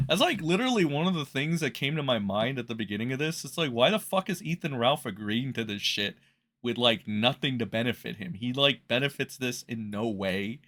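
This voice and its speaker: A man's voice: medium pitch, expressive, brisk, fairly bright tone. A man hosting a reaction commentary, ranting in a profane, mocking way. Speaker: commentary host.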